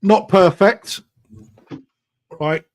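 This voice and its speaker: A man's voice: high voice, extremely slow, no room sound. Chatty man running an auction. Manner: chatty, matey banter with bidders. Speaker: koi auctioneer. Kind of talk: live auction chat.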